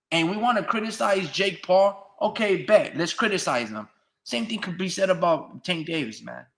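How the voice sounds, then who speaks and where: A man's voice: high-pitched, a bit bright. A man giving blunt, profane, ranting solo commentary on a channel he hosts. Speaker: boxing commentator.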